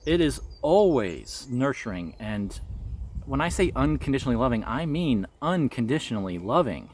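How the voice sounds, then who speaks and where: Sharing a personal story about spiritual experiences on his vlog, a man speaks earnestly and reflectively, with a few light laughs. His voice sits in the mid range.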